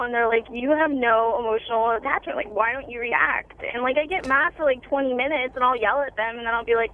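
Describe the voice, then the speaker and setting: A woman's voice: a little high, quick pace, few pauses, a little hiss or hum. A woman in her twenties from Iowa calling in to a radio show, rambling casually with lots of "like" and laughing at herself. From Iowa, USA. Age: 20s. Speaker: caller. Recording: tinny phone line.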